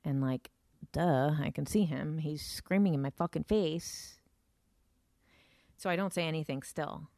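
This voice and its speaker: A woman's voice: low-pitched, a little slow, creaky, pauses often, dark tone, dry recording, clean studio sound. A woman telling a personal story in a casual way, with many fillers and some swearing. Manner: filler-heavy, swears, vivid retelling. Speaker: storyteller recounting an encounter.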